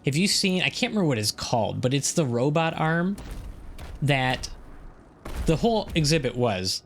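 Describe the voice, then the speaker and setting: Animated man rambling on a stream. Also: fairly high pitch, moderate pace, a little hiss or hum. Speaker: podcast co-host. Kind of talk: casual chat on a stream.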